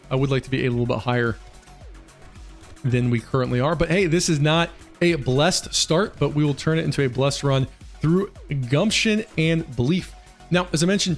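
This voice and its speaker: A man casually talking through a game build as a guide host, quick and chatty with frequent fillers. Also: medium pitch. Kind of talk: casual gameplay commentary. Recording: faint music behind voice.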